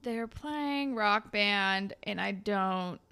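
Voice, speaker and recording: A young woman co-hosting a casual chat, recapping a show in an animated way, swearing and acting out characters' lines. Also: mid-range voice, drawn-out words, clean tone. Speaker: podcast co-host.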